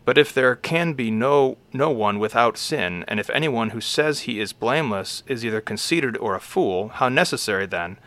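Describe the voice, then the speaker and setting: A man reading an old homily aloud in a measured way, naming each scripture source after he quotes it and now and then stumbling and correcting himself. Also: mid-range voice, expressive, a bit bright. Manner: occasional stumbles and self-corrections. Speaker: reader of a homily.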